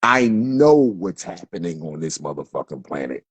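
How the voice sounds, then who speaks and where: Husky, fiery man ranting on a livestream. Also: extremely low pitch, sing-song, moderate pace, no room sound. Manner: profane, fiery, repetitive, stammering restarts. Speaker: livestream host. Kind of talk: heated livestream rant. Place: in Philadelphia.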